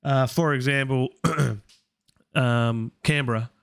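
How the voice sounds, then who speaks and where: An Australian man hosts a live Latin study session, musing aloud and pausing on fillers as he works through each sentence. His voice is smooth and resonant at a middle pitch. The sound is dry and close, with no room echo. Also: steady tone.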